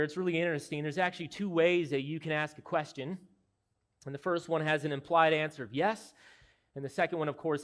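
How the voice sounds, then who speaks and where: A man delivers an expository sermon from the pulpit, earnest and emphatic as he explains the text. His voice sits a little higher than most men's. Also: fairly bright tone. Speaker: pastor.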